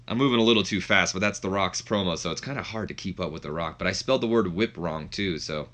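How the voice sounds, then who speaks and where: A man's voice: sits low, fast, a bit bright. A man hosting a gaming video, recapping a match in a rambling way full of fillers. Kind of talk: casual game commentary.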